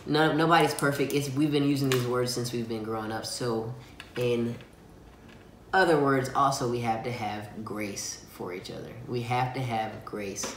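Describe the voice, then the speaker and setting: A man's voice: medium pitch, steady tone, moderate pace, roomy sound, a little hiss or hum. A man co-hosting a casual advice chat with his partner, speaking earnestly and a little preachy but easygoing. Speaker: co-host of a couple's channel.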